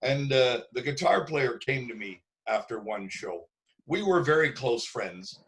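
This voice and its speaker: An older man from Canada sits in as a guest, telling stories in a loose, lively way. His voice sits at a middling pitch, and he acts out the voices of the people he quotes. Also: a little slow, poor audio. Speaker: guest drummer. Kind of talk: casual interview storytelling.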